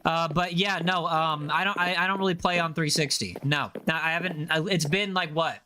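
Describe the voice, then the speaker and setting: A young man in his twenties with an American accent, chatting casually with his livestream audience, slangy and full of quick self-corrections. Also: a little high, pushed and bright, a little hiss or hum. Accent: General American. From United States. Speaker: livestreamer reading chat.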